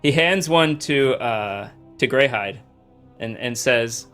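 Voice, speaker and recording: A man's voice: mid-range voice, expressive, slow, fairly bright tone. A man narrating a tabletop game with a light, joking manner. Faint music plays under his voice. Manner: playful, laughing, voices NPCs. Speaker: dungeon master.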